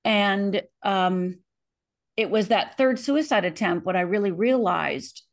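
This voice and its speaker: Middle-aged woman, interview guest, mid-pitched, earnest storyteller who acts out quotes. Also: slow pace. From Upper Michigan, USA. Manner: earnest, vivid retelling with acted-out quotes. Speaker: author and guest.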